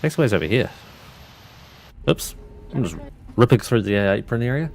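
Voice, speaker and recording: Low-voiced man streaming a flight sim. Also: expressive, moderate pace, a little mellow, slight background noise. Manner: talks through cockpit steps while chatting with viewers; rambling, loose restarts. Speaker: livestreamer. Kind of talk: casual livestream commentary.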